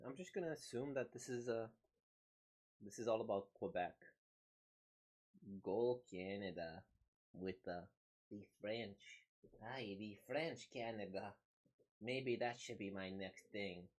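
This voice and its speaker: A man's voice: on the low side, breathy edge. A man hosting a manga reaction, rambling and thinking aloud in casual commentary.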